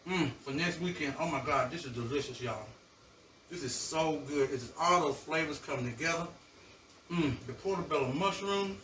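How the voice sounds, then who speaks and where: A man hosting a live cooking show, chatting warmly to viewers and savoring his food aloud in a kitchen. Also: fairly high pitch, echoey room, recorded from a distance, a little hiss or hum, low-quality recording. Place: home kitchen.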